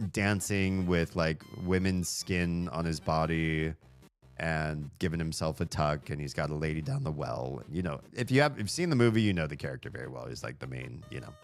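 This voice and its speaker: A man chatting casually while streaming a game, telling rambling stories. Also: low-pitched. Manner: rambling storytelling with fillers.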